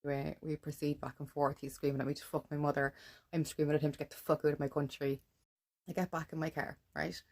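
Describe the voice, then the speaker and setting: A woman's voice: deep voice, little pitch movement, fast, darkish tone. An Irish woman in a blunt, ranting monologue to camera, swearing freely and keeping adding "right?" as she tells her story. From Ireland. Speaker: vlogger.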